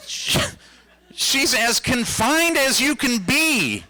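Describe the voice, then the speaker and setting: A man in his fifties performing a stand-up comedy routine, telling stories with a playful, animated delivery. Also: very high voice, slow, poor audio. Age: 50s.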